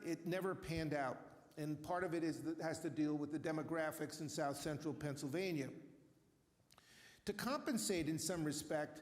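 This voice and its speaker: An older man gives a relaxed lecture with slides, often pausing on fillers and restarting his sentences. His voice sits high for a man. The sound is roomy, with a long reverb tail from a hall. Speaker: author giving a talk. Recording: echoey hall from a distance.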